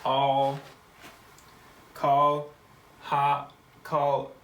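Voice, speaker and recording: In a rough recording, a man with a medium-pitched, somewhat bright voice teaches church kids a brief Bible Hebrew lesson. Patient and unhurried, he breaks it down word by word, spelling each one out.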